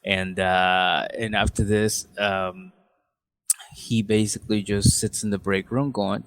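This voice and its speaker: A man's voice: lowish voice, little pitch movement, slow pace, fairly bright tone, smooth, no room sound. A man co-hosting a podcast in casual chat, laid-back and profane, often acting out quotes. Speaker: podcast co-host and stand-up comedian. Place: in or near Nashville.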